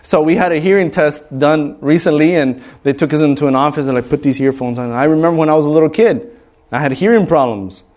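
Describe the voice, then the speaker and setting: Animated male preacher telling a story. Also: on the high side, fast. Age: adult. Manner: animated storyteller, acts out dialogue in shifting voices. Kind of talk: sermon with storytelling.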